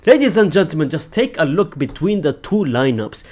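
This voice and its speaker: A young man in a casual football reaction rant, his voice sitting a little high and swinging widely as he gets exasperated. He talks straight at the viewer, swears freely and keeps tacking "man" and "fam" onto his lines. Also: big pitch swings, moderate pace, darkish tone.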